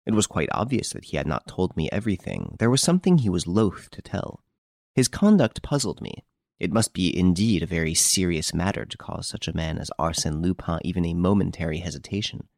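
A man narrating a classic novel as an audiobook, in a measured, formal storytelling manner. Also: low voice, expressive, creaky, a little mellow, no echo, studio quality. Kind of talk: scripted narration.

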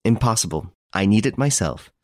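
A man voicing a suave gentleman thief in an audiobook, cool, ironic and commanding. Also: fairly low pitch, expressive, moderate pace, dry recording, studio quality, natural voice. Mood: mocking.

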